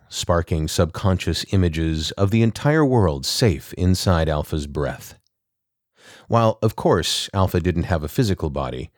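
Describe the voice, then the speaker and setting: A man narrating a short story in a measured, even delivery. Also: sits low, no echo, clean studio sound.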